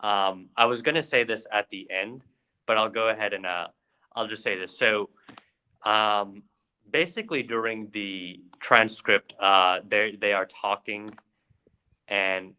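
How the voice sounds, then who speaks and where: A man's voice: fairly low pitch, a little slow, pushed and bright, smooth, low-quality recording. A man co-hosting a podcast, telling a story in casual chat with lots of fillers and restarts. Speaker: podcast co-host.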